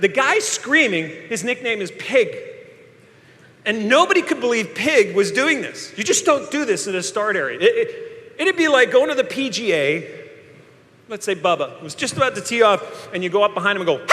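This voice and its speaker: A man's voice: high voice, moderate pace. A man giving a live keynote, telling a story and acting out voices and sounds. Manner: animated, acts out voices and sounds. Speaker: keynote speaker. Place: large hall with live audience. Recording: long hall reverb, faint ambience.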